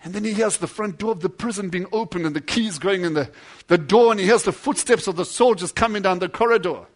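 A man preaching a sermon, telling a story with dramatic swings between loud declamation and hushed low passages, acting out the lines of the people in it. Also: quick pace. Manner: acts out quoted dialogue within the story.

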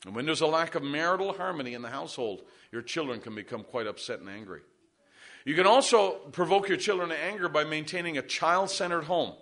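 Bright-voiced preaching pastor, a man. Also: on the high side, lively intonation, brisk. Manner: preaching with rising emphasis, asks the congregation for amens. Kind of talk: sermon.

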